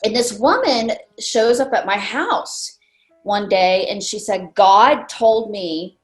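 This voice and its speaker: A woman's voice: mid-range voice, sing-song, takes it slowly. Emotional woman telling her story. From Maryland, USA. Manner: emotional, many fillers, acts out quotes. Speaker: guest, bereaved mother. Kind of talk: personal storytelling. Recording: roomy echo, faint music.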